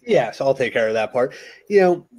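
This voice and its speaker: A man's voice: medium pitch, very animated, normal speed, a crowd in the background. A man co-hosting a casual podcast, explaining things steadily with lots of "you know" fillers. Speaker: co-host.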